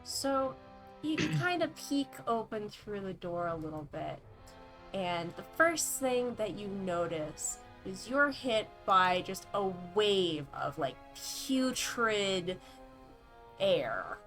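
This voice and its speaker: A woman running a tabletop game as dungeon master, describing scenes unhurriedly with a few fillers. She speaks slowly at a middling pitch, with faint music in the background. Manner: relaxed, hesitant descriptions with fillers.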